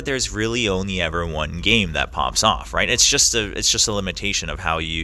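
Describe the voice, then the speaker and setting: A man's voice: deep voice, bright, forceful tone. A young man, an esports caster, answering interview questions thoughtfully with many fillers and restarts.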